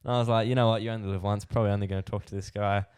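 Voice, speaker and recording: A man's voice: fairly low pitch, very fast, smooth. A young Australian man co-hosting a podcast, telling a rambling story in casual chat, full of fillers. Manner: rambling, filler-heavy, animated retelling. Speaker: podcast co-host.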